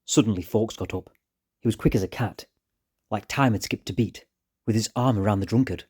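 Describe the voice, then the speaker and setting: A man narrating a short story in a measured, steady reading. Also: lowish voice, husky.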